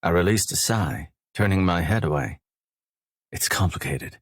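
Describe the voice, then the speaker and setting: A man with a very deep voice reads a first-person romance audiobook in a measured, low-key way. The sound is dry and close, with no room around it. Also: expressive, no room sound. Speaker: audiobook narrator.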